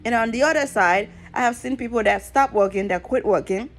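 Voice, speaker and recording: A woman's voice: on the high side, brisk. A woman in her thirties ranting about her job in a frustrated, emphatic, repetitive way. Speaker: vlogger. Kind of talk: casual rant to camera.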